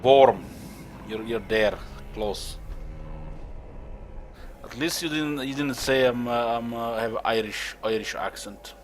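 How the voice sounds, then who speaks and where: A young man from Croatia giving casual live commentary on a strategy game, excitable and swearing, halting with fillers. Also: mid-range voice, slight background noise. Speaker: streamer.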